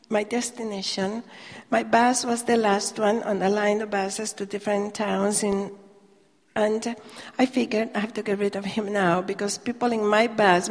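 A woman preaching her testimony in an animated storytelling way, acting out the dialogue. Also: medium pitch. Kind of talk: testimony sermon. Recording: long hall reverb.

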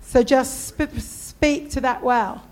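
A woman preaching with a high, bright voice. She tells her stories with gusto and acts out the people in them. She urges the congregation to pray and stand up. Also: takes it slowly. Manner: storytelling, animated, acts out voices in anecdotes. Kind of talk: sermon.

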